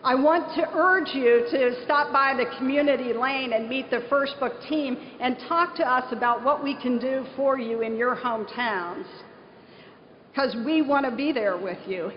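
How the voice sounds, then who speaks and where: A woman's voice: high voice, normal speed. A middle-aged woman from southern Ohio giving an earnest conference keynote, telling stories with emphasis. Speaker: nonprofit leader giving a conference speech. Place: large conference hall. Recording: echoey hall, dull lo-fi sound, faint hiss.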